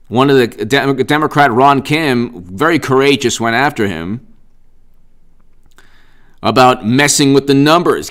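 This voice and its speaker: A man hosting a political commentary live stream, speaking sarcastically and in an animated way and often repeating himself. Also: medium pitch.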